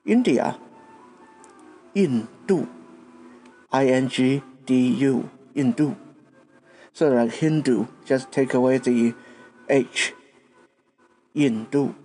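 Guy hosting a podcast, unhurried, spells stuff out patiently, soft music behind. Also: medium pitch, fairly even intonation. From Taiwan. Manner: spells words letter by letter, patient. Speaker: podcast host. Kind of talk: language lesson.

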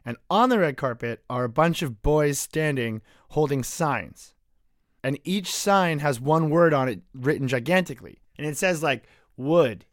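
A man's voice: a little high, normal speed, a bit bright, dry recording, clean studio sound. A young man co-hosting a podcast, telling jokey, sarcastic stories in casual chat. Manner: joking, sarcastic storytelling. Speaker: podcast co-host.

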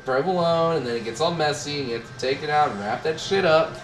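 A man's voice: on the high side, fast talker, faint music behind. A man working at a deli counter, ranting in casual chat with heavy swearing and acting out customers. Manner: profane ranting, acts out customers. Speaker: deli worker. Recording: echoey room, away from mic, faint room noise.

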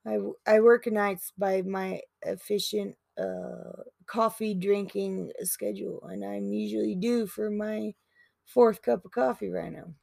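Gravelly, dry-witted woman co-host. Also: fairly even intonation, measured pace, dark tone, no room sound. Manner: dry, teasing, low-key. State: sleepy. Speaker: podcast co-host. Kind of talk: casual podcast banter.

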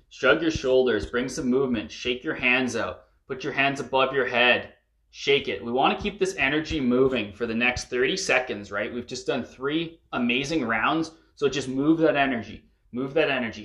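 A man's voice: medium pitch, fairly bright tone. A man guiding listeners through a breathwork and emotional release session, coaching them urgently and swearing at the peaks. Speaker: breathwork facilitator.

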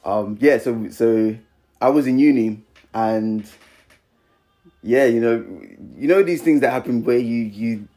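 Young man telling a lively story. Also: mid-range voice, unhurried. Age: 20s. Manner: animated storyteller, acts out quotes, frequent fillers. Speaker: podcast co-host. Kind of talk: casual podcast chat.

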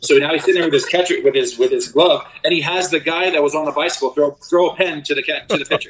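A man's voice: quick pace, hardly any pauses, poor audio. A young man, a former college baseball catcher, telling stories in a casual chat and acting out the quotes with big jumps in his voice. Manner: animated storyteller, acts out quotes with big pitch jumps.

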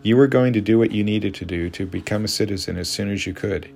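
A man's voice: on the low side, fast talker, gravelly, a little mellow. A man voicing a frustrated adult wife, speaking in a raised, insistent and pleading tone.

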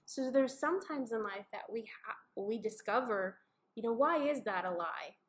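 A woman's voice: on the high side, lively intonation, moderate pace. A mother talking earnestly and reflectively in a casual faith conversation, acting out little scenes as she goes. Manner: earnest, reflective, acts out quotes vividly. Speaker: mother and co-host of a family faith podcast.

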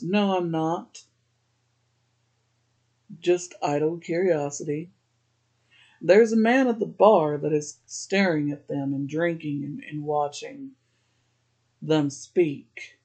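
A man's voice: fairly high pitch, dark tone. A man hosting a podcast, casually recapping a TV episode, chatty, often laughing and using "like" a lot. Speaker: podcast host.

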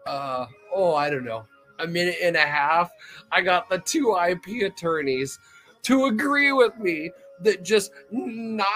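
A man with a high, sharp-toned voice hosts a podcast, spinning a rambling, profane story in casual conversation. He laughs often as he goes.

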